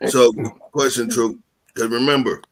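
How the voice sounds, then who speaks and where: A man hosting a live online discussion, calmly urging a guest to argue with substance over insults, repeating his points earnestly. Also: mid-range voice, moderate pace. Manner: earnest, coaxing, repeats himself. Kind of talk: livestream debate moderation.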